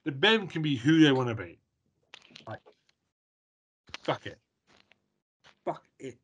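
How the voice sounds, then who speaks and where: A man's voice: medium pitch, big pitch swings, slow pace, breathy edge, highs cut off. Guy on a podcast, plain mid voice, blunt, swears a lot. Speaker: podcast co-host. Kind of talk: casual chat.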